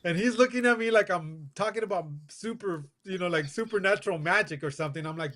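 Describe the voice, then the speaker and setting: A man's voice: high-pitched, quick pace, few pauses, fairly bright tone. A man, probably in his forties, telling a personal story as a podcast guest, acting out quoted dialogue and laughing as he goes. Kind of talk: casual storytelling.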